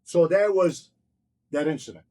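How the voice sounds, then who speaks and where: A man's voice: on the high side, normal speed, warm tone. A man telling his own stories in a casual chat, blunt, heated and full of swearing. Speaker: storyteller recounting his own run-ins.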